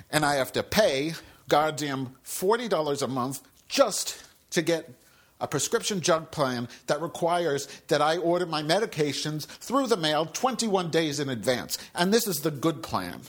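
A man with a husky, somewhat breathy voice delivers a profane solo podcast rant. He sounds angry and sarcastic, and keeps drifting into side remarks. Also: fairly high pitch, lively intonation, a little slow. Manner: rambling with frequent asides. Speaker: podcast host.

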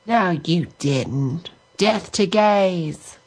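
Slow deadpan woman caller. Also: fairly low pitch. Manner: deadpan, slow and drawn-out spelling. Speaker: prank caller. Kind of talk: prank phone call.

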